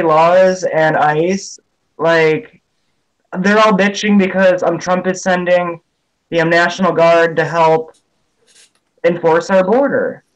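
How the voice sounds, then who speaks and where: A man's voice: high-pitched, a bit bright, rough recording. A man on a casual panel show giving a blunt, opinionated rant, with plenty of fillers. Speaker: podcast panelist. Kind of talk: casual chat.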